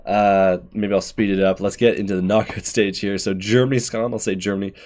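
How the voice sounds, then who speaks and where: A man hosting his channel, casually thinking aloud through his bracket predictions with quick asides. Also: fairly low pitch, little pitch movement, darkish tone. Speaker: channel host.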